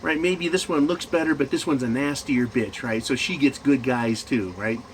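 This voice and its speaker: A man's voice: mid-range voice, moderate pace, slight background noise, rough recording. A man in management ranting crudely and mockingly in a profane monologue. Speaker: commentator.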